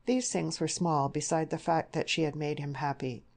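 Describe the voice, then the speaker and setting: Woman, audiobook narrator, deep voice, measured, even reading. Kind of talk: scripted narration.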